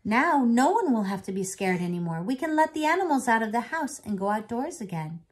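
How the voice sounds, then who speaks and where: A woman's voice: fairly high pitch, very animated, fairly quick, pitched above the performer's own voice. A woman voicing an eager young twin boy in a storybook read-aloud. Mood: hopeful.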